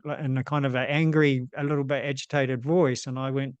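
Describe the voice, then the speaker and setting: A man hosting a podcast, speaking in a gentle, affirming, reflective way in casual conversation. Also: mid-range voice, little pitch movement, a little fast, clear, resonant tone, dry recording, highs cut off. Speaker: podcast host.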